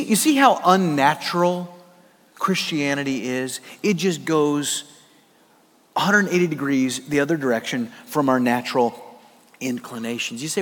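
A man's voice: sits high, very animated, moderate pace, sharp tone. A man preaching a sermon as pastor, telling stories in a conversational way with comic asides. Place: church sanctuary. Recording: long hall reverb.

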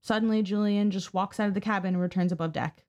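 A woman talks fast in a medium-pitched, darkish voice with fairly even intonation. As a podcast co-host, she tells a true-crime story in a relaxed, chatty manner, swearing freely and acting out whoever she's quoting.

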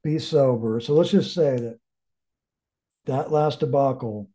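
A man's voice: medium pitch, measured pace, warm tone, slight background noise. Blunt swearing man in his forties. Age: 40s. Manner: blunt, heavy swearing, emphatic. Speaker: interview guest. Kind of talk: candid personal storytelling.

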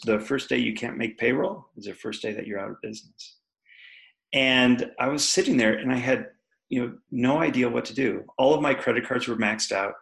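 Male podcast guest, candid storyteller, gravelly voice, laughs often. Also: medium pitch, fairly bright tone, poor audio. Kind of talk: personal storytelling in an interview.

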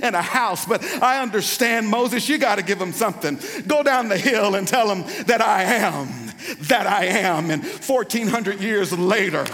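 A man with an African-American accent preaching a sermon in a church, dynamic and playful, swinging into slangy asides and building to loud peaks. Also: sits high, animated, moderate pace, a faint crowd. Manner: dynamic, rising to near-shouting peaks; playful, slips into slangy impressions. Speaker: guest preacher. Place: church sanctuary. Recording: church hall reverb.

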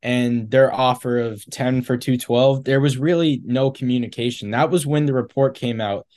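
A man co-hosting a casual sports podcast, adding details in a measured, low-key way. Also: a little mellow. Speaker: podcast co-host.

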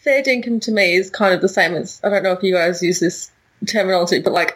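A woman's voice: fairly low pitch, brisk, breathy edge, rough recording. An Australian woman co-hosting a podcast, talking in an easygoing, casual way. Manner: easygoing, laughs often. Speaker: podcast co-host. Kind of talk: casual chat.

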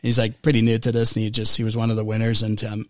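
A man's voice: lowish voice, completely flat delivery, fast, no room sound, studio quality. Rambling man in casual podcast chat. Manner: rambling, full of fillers and restarts. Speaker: podcast co-host.

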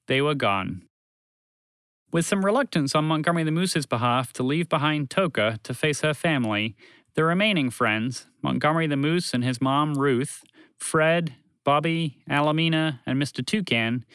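Male storyteller, lively, higher voice, dry close recording. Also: smooth, no echo. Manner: animated, expressive reading. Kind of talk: scripted children's story narration.

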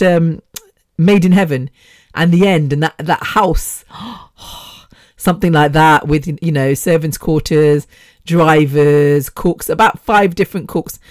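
A woman's voice: deep voice, darkish tone, dry recording, clean studio sound. Chatty woman, rambling and giggly. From United Kingdom. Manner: rambling, chatty, laughs often, loses her train of thought. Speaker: podcast host. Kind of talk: casual podcast monologue.

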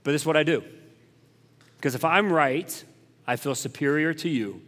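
A man's voice: a little high, normal speed, fairly bright tone. Man preaching in an echoey church hall. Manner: candid, self-deprecating, repeats phrases for emphasis. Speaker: pastor. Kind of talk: conversational sermon.

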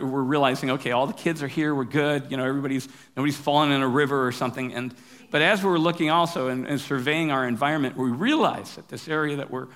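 A male pastor giving a sermon, telling stories in a relaxed, humorous, conversational way. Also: medium pitch.

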